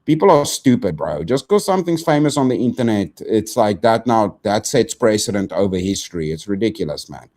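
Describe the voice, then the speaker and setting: A man's voice: fairly low pitch, big pitch swings, fairly quick, few pauses, a little mellow. A young man ranting on a live stream, profane and exasperated, saying bro and dude constantly.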